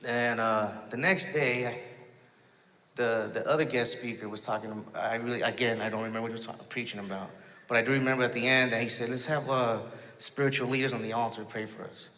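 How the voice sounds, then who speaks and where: A man telling his personal testimony in a casual storytelling way, halting, with many restarts and quoted asides. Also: mid-range voice, steady tone, sharp tone, long reverb tail.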